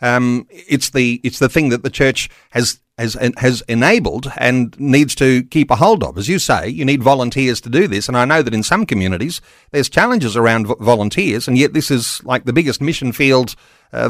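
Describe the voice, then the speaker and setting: A man, hosting a chat and asking measured, leading questions. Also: medium pitch, expressive, no room sound, clean studio sound. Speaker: host. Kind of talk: casual radio chat.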